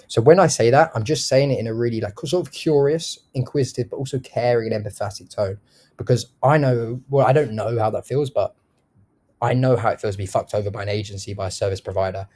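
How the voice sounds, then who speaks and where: A man with a lowish, warm, mellow voice teaching sales in a casual way. He talks bluntly, swears freely and shows each point by switching his tone. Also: brisk. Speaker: sales trainer. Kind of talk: casual instructional talk.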